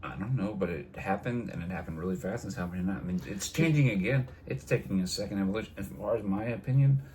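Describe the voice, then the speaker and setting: Deep-voiced blunt man on a podcast. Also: fast talker, darkish tone, slight background noise. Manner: blunt and opinionated. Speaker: podcast co-host. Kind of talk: casual chat.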